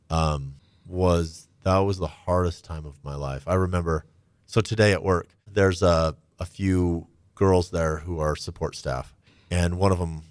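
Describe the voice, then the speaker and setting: A middle-aged man telling his own story candidly and reflectively, his voice often trailing off soft and low. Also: no echo. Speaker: guest.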